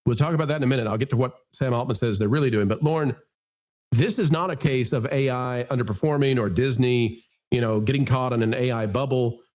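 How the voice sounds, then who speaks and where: A man's voice: medium pitch, fast talker. A man hosting a casual commentary podcast, reading quotes aloud and reacting to them. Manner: animated, reads quotes aloud. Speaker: podcast host.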